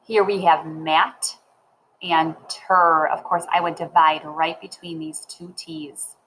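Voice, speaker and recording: A woman's voice: deep voice, little pitch movement, slow, fairly bright tone, slight background noise, low-quality recording. A woman teaching a reading lesson, sounding words out syllable by syllable and spelling them letter by letter.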